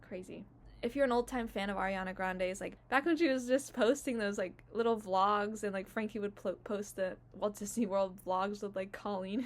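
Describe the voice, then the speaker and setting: A woman's voice: mid-range voice, a little hiss or hum. A woman in her twenties recapping casually for her vlog, gushing and emotional, full of fillers. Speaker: YouTuber.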